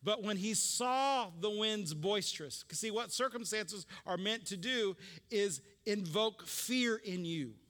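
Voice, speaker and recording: High, bright-voiced preacher in a reverberant church. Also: male voice, expressive, measured pace. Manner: conversational preaching with asides and call-and-response. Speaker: pastor. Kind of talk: sermon.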